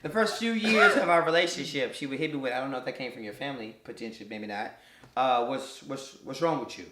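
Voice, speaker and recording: A man with a bright, forceful voice chats on a podcast, teasing his partner and then turning thoughtful. The sound is roomy, with a clear echo off the walls. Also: medium pitch, quick pace, a little hiss or hum. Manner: joking, teasing, reflective. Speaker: podcast co-host. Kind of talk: casual chat.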